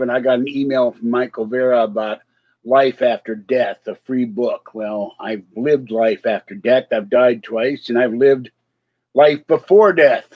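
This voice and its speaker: A man's voice: mid-range voice, lo-fi sound. A man rambling on a casual live stream, distracted and laughing at his own remarks, with a slight cold and a little out of breath. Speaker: vlogger.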